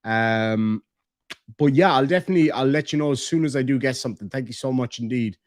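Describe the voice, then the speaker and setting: A man's voice: mid-range voice, fairly quick. An Irish man giving mocking, chatty live-stream commentary and talking to his chat. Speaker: streamer reacting to court videos.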